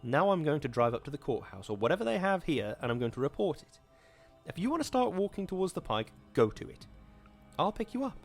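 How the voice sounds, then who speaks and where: A man voicing a stubborn young husband who talks in a blunt, forceful way. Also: on the high side, pitched above the performer's own voice.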